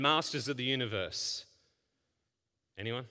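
A man preaching a sermon as pastor, firing rhetorical questions and moving between hushed scripture reading and loud emphasis. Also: medium pitch, expressive, unhurried. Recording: long hall reverb.

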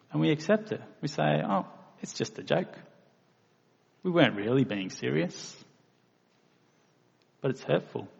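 A man's voice: mid-range voice, gravelly, a little mellow, slightly rough. A man preaching a sermon, earnest and plain-spoken, acting out quoted voices now and then. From Australia. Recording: lo-fi recording in a reverberant hall.

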